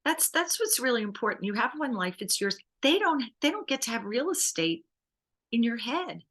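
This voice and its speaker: A woman divorce coach and private investigator in a conversational interview, animated and quick to laugh. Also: a little high. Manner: animated, laughs often, acts out client quotes.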